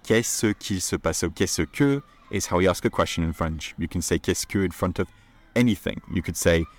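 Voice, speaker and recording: A man hosting a podcast lesson, relaxed and playful, modeling phrases slowly for listeners to repeat. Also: sits low. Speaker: podcast host and French teacher.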